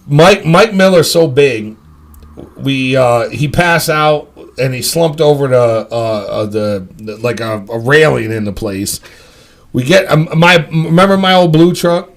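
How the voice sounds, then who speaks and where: A man's voice: medium pitch, animated, measured pace. A man telling a rambling, profane story among friends. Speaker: storyteller on a live stream.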